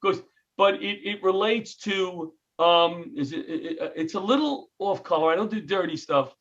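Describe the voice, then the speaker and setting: A middle-aged New York comedian and retired firefighter, an interview guest, tells stories with comic timing at normal speed, slipping into other people's lines. His voice sits high for a man, and the sound is a bit dull and lo-fi.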